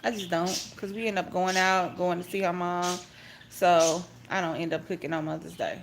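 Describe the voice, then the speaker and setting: A middle-aged woman, chatting casually on a phone livestream from home and greeting each viewer with a high "hey". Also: little pitch movement, moderate pace, background noise. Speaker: vlogger hosting a phone livestream. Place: at home, indoors. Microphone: phone held at arm's length. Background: pet birds chirping.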